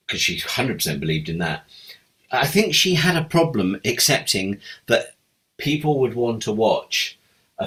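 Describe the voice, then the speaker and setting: Middle-aged man, very low voice; warm-hearted anecdotal interview reminiscence. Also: slightly rough. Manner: fond, anecdotal, rambling. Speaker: TV script editor.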